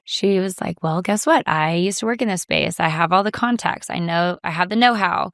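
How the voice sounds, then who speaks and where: A woman's voice: lowish voice, normal speed, gravelly, dry recording, studio quality. A woman guest in a casual interview, chatting and often quoting herself and others. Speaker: reality TV guest.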